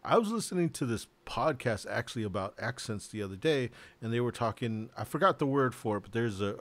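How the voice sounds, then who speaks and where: A man chatting casually while playing a game on stream, rambling and losing his train of thought. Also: fairly low pitch. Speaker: streamer and co-player. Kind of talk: casual chat while gaming.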